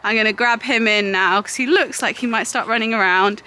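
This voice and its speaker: A woman's voice: a little high, a little fast, pushed and bright, slight background noise. A young woman filming her day at a horse yard, chatting to the camera and fondly talking to her horses. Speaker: horse rider running a yard. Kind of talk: casual vlog narration. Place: outdoor stable yard. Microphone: camera mic, no clip-on.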